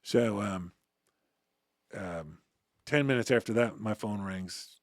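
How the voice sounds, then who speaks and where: A man's voice: on the low side, takes it slowly, dry recording, clean studio sound. A man who is the guest on an interview show, telling stories in casual conversation. He acts out quoted dialogue and restarts his sentences often. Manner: animated anecdote-telling, acting out quoted dialogue with frequent restarts. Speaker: interview guest, former uniformed security officer.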